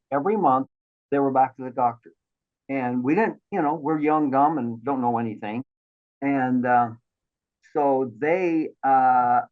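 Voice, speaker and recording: A man in his sixties telling his life story as an interview guest, animated and acting out the voices of the people he quotes. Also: medium pitch. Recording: thin phone-like line.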